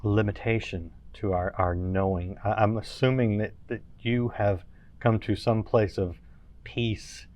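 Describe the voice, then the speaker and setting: A man hosting an interview, asking thoughtful questions in a halting way. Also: on the low side, steady tone, a little mellow. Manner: thoughtful, halting, with many restarts. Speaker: host. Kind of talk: interview conversation.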